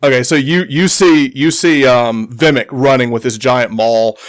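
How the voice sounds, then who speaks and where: Man, game master, mid pitch, loose and halting narration full of ums. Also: steady tone.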